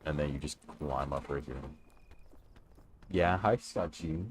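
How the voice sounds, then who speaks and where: A man's voice: very deep voice, a little slow, breathy edge. A young man chatting casually with viewers on a gaming livestream from his room, laid-back and talkative, greeting people as he plays. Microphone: stream microphone.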